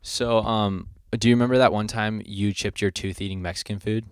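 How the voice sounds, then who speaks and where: A man's voice: lowish voice, fairly even intonation, a little fast, clean tone, no echo, clean studio sound. A man co-hosting a podcast, teasing and joking as he asks his co-host questions. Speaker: podcast co-host, band member. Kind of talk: casual chat.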